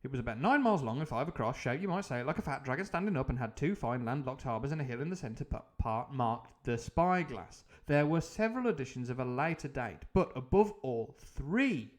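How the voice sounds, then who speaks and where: Reading a novel to a live audience, a streamer with an ordinary mid-range voice keeps breaking off into rambling, self-mocking, jokey tangents full of ums and uhs before slipping back into the text. He is expressive and fairly quick, with few pauses.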